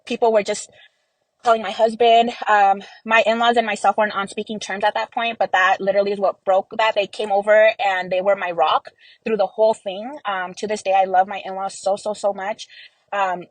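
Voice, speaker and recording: A woman's voice: medium pitch, little pitch movement, a little fast, no echo, low-quality recording. Young woman guest, dry close sound, grief-laden storytelling full of quoted dialogue and fillers. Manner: recounts events by acting out quoted dialogue, many fillers. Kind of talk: emotional personal storytelling.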